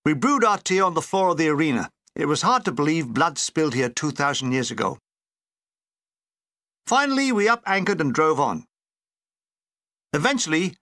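Animated older man narrating memoir. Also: fairly high pitch, moderate pace, no echo. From Britain. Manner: comic, dry, animated delivery. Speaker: author reading his own memoir. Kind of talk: audiobook narration with character voices.

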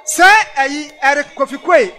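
A male co-host from Ghana reporting the news in lively, chatty back-and-forth with his partner. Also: very high voice. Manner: lively, chatty, quick interjections.

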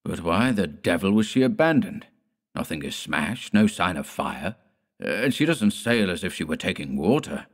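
A man voicing a sober, steady older lighthouse chief who speaks dryly, in an audiobook horror story. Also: low voice, measured pace. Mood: impatient. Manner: sober, dry, matter-of-fact.

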